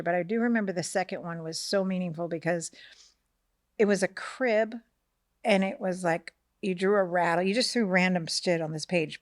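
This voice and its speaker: A middle-aged woman telling a family story in casual podcast chat, animated, acting out the voices of the people in it and often asking "right?". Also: lowish voice, dry recording, studio quality. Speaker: podcast co-host, mother of the host.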